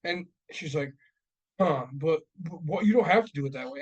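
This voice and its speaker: A man's voice: fairly high pitch, animated, moderate pace, breathy edge, highs cut off. A man in his thirties co-hosting a casual podcast, telling stories in a heated, profane rant. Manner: profane, ranting, heated storytelling. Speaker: podcast co-host. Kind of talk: casual chat. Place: podcast studio.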